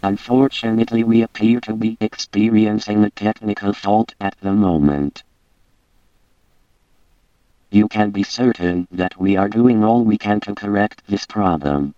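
A man voicing a bored male robot announcer who makes flat, deadpan announcements. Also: fairly low pitch, unhurried, clean tone, no echo, lightly acted. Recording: dull lo-fi voice from a distance over loud music.

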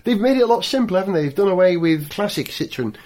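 A man's voice: high-pitched, expressive, quick pace, a little mellow. A middle-aged man, a car show co-host, chatting enthusiastically and telling stories. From Wales. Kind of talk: casual chat.

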